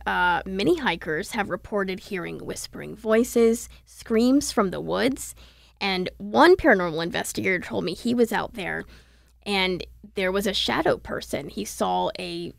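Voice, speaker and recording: A woman's voice: medium pitch, gravelly, no echo, clean studio sound. A woman reporter on a podcast, telling local legends and history in a detailed, storytelling manner.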